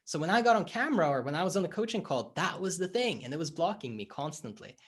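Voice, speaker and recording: Fast and fairly high-pitched with a breathy edge, this man's voice belongs to a life coach guesting on an interview. He animatedly explains his ideas and plays out small dialogues when telling stories.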